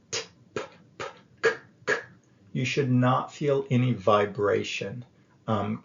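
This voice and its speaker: A man teaching English grammar, explaining each point slowly and deliberately, with frequent pauses and fillers. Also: medium pitch, vocal fry, reverberant. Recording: dull lo-fi recording.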